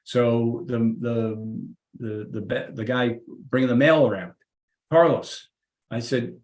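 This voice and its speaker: A middle-aged man, a podcast guest, telling a workplace story in a lively, casual way and acting out the people in it. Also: medium pitch, moderate pace. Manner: lively, acts out the people in his stories. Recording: roomy echoey room.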